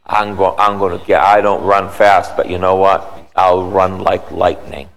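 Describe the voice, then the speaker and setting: A man preaching a sermon in an animated way, with his voice jumping high when he retells scenes. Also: unhurried, hardly any pauses. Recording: long reverb in a large hall.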